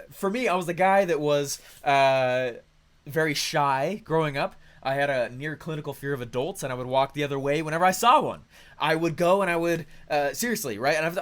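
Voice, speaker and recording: High-voiced man telling a lively story. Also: fairly quick. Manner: excitable, checks in often with "okay?" and "right?". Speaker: speaker sharing his career story. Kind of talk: animated storytelling talk to an audience.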